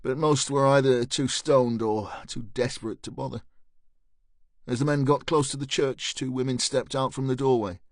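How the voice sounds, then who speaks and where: A man reads a crime thriller audiobook as scripted narration, his delivery measured and even. His voice sits in the mid-range, and the recording is dry and studio quality.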